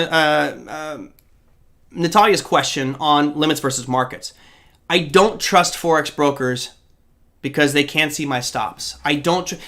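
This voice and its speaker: A man's voice: a little high, pushed and bright. A man hosting a live trading show, answering viewer questions in a chatty, rambling way with asides to the chat. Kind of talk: live-stream Q&A.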